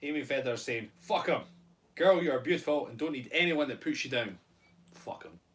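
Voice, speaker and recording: A Scottish man reads viewer comments on a live stream and cracks jokes about them. His pitch swings about in lively, playful banter. He sounds set back a little from the microphone. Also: normal speed, recorded from a distance. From Scotland. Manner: joking, playful, laughing banter. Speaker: fitness coach co-hosting a live stream. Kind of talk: casual live-stream chat reading comments.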